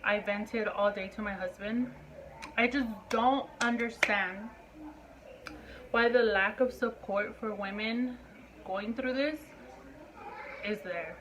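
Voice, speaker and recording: A woman's voice: mid-range voice, steady tone, takes it slowly, pauses often, noisy background. A woman in her twenties speaking to her viewers in a personal vlog, impassioned and emphatic, repeating points for stress. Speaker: vlogger.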